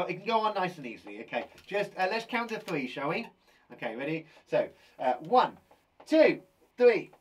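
Man, young adult, primary teacher, playful kids' lesson, very lively pitch. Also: a little hiss or hum. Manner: bouncy and playful, talks to a puppet. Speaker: primary school teacher and host. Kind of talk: live online lesson for children.

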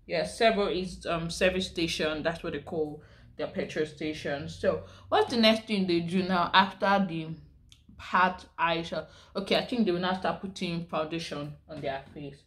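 A woman's voice: on the low side, moderate pace. A woman from Nigeria chatting casually in a vlog, explaining slang while she does her makeup. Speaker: vlogger.

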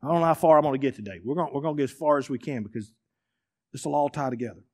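A man, a pastor preaching a sermon to a congregation in a church, emphatic and building to shouts. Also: medium pitch, rapid-fire. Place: church sanctuary before a congregation.

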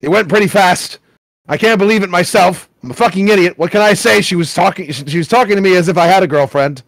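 A man's voice: sits high, quick pace, gravelly, dry recording. A man hosting a comedy show, wryly reading forum posts aloud and laughing at them. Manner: wry, laughs at what he reads. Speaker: host reading internet posts.

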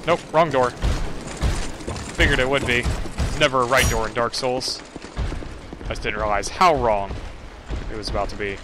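A man giving casual gameplay commentary, swearing and talking back to the game, with loud game noise behind him. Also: mid-range voice, moderate pace, long pauses. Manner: profane, excitable, talking to the game. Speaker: let's play gamer.

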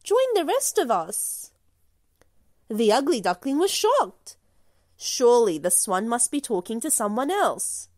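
A woman reading a children's picture book aloud in a gentle, expressive storytelling manner. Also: high-pitched, no room sound, clean studio sound.

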